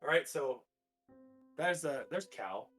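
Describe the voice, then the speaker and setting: Guy running a tabletop game, super animated pitch, sounds a bit far from the mic, faint music. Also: slow pace. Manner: lively, lots of fillers and restarts. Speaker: game master.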